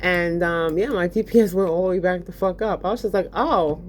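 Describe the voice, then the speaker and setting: A woman ranting casually while gaming, profane and animated, full of fillers. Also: on the low side, fairly quick, a little hiss or hum. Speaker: vlogger.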